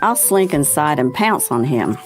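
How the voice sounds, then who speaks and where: A woman voicing a nervous cat with high anxious cries. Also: very animated, a little slow, faint music behind.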